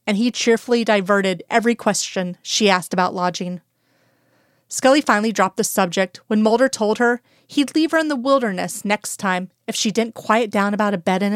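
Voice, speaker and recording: A woman narrating a fan-fiction audiobook in a steady, even storytelling manner. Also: mid-range voice, normal speed, clean tone, no room sound, studio quality.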